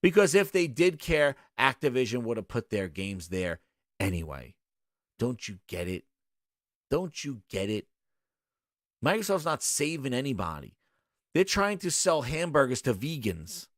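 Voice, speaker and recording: A man's voice: medium pitch, big pitch swings, unhurried, dry recording, clean studio sound. A man hosting a gaming show, ranting with sarcasm and exasperation in casual commentary.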